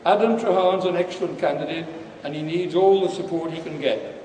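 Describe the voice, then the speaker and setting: A man's voice: a little high, a little fast, warm tone, lightly acted. A man voicing a polite, smiling young woman canvasser at a live reading. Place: large hall at a public reading. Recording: echoey hall from far off.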